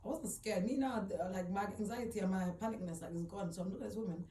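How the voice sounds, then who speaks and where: A woman's voice: mid-range voice, quick pace, mellow, a little hiss or hum. A woman retelling a personal story in an emotional, rambling way, full of "like". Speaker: vlogger. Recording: roomy, distant mic, faint ambience.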